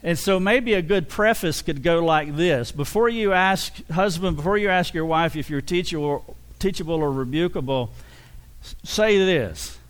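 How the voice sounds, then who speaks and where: A man's voice: on the high side, normal speed. A middle-aged man preaching a sermon with humor, often acting out quoted dialogue. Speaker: pastor.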